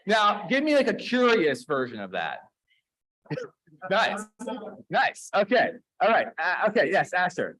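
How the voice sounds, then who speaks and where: Playful male service leader with a strikingly high voice, coaxing the crowd into joining a story. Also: wildly swooping pitch, a bit bright, rough recording. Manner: playful, encouraging, quick back-and-forth with the crowd. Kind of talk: leading a holiday service with a participatory story. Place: dim room at a congregation gathering.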